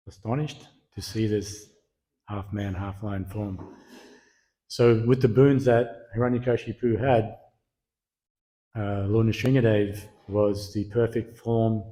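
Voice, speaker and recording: A man giving a scripture class, retelling the story in a relaxed, casual way with many fillers. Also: lowish voice, rough recording. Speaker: class speaker.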